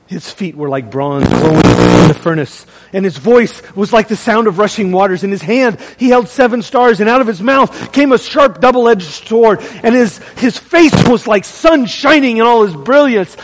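High-voiced dramatic male preacher. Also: expressive, moderate pace, hardly any pauses, long reverb tail. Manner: dramatic, swings from loud to hushed; calls to the congregation. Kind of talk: sermon.

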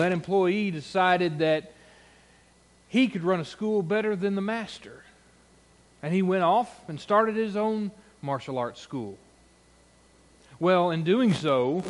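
A middle-aged man preaching a sermon, telling folksy, humorous stories and acting out the quotes in them. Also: high voice. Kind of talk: sermon with storytelling.

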